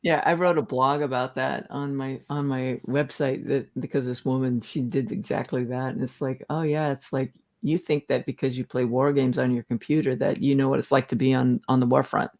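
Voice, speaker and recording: A woman's voice: extremely low pitch, steady tone, moderate pace, few pauses, darkish tone. A woman being interviewed, speaking bluntly and with sarcasm. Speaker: interview guest. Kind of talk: casual interview chat.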